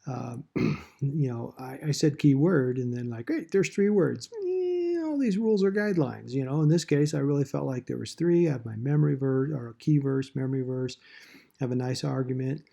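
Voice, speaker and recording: Gravelly, husky male Bible teacher. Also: medium pitch, a little fast. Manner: relaxed, rambling, many fillers and restarts. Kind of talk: recorded lesson walkthrough.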